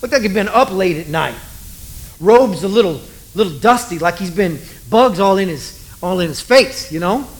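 A man's voice: high voice, animated, normal speed, rough recording. A man preaching a sermon in a loose, conversational storytelling way, full of asides to the audience. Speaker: pastor.

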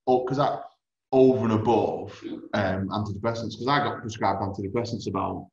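Male podcast guest, low and earnest, roomy and muffled recording. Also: fairly even intonation, fairly quick. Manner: earnest, calls people mate. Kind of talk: casual chat.

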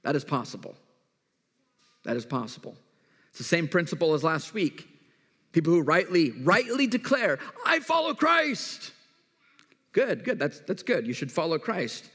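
A man preaching from the pulpit, his voice sitting a little high for a man. He talks in a relaxed, conversational way, pausing to ask the children questions and using everyday stories. The sound rings with the long reverb of a church hall. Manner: conversational, uses everyday examples and asks the kids questions. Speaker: pastor. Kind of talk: sermon.

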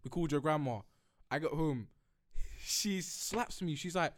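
Lively young man telling stories. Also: a little high, normal speed. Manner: animated storytelling, acts out teachers shouting. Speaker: podcast host. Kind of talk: casual chat.

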